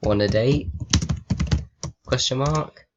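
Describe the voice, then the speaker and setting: A man's voice: medium pitch, slow, dull audio, background noise. A young man with a sarcastic, swearing manner, chatting with a chatbot and reading his typed questions aloud. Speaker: vlogger. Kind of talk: casual chat with a chatbot.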